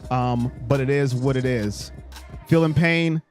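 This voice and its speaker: A man's voice: mid-range voice, a little slow, darkish tone, faint music behind. A man hosting a casual live stream, talking through viewer chat in a rambling, talkative way.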